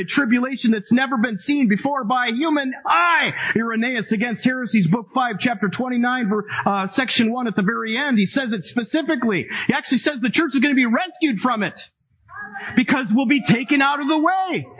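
A man in his fifties preaching a sermon to a congregation, emphatic and animated, with dramatic asides. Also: very high-pitched, brisk, husky, muffled recording. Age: 50s. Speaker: pastor.

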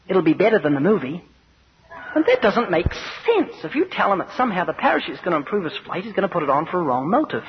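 Emphatic preacher, a man, high voice. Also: big pitch swings, fast talker. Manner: earnest, emphatic, acts out anecdotes. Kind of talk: evangelistic sermon. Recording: dull lo-fi recording with faint noise.

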